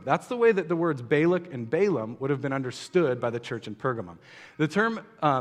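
A man's voice: mid-range voice, long reverb tail. A man giving a casual sermon as a pastor, talking conversationally with fillers and restarts and putting questions to the audience.

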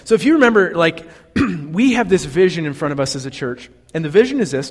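A man's voice: a little high, very animated, brisk, husky, big-room sound. A male pastor preaching a sermon in an earnest, conversational way, full of fillers and restarts.

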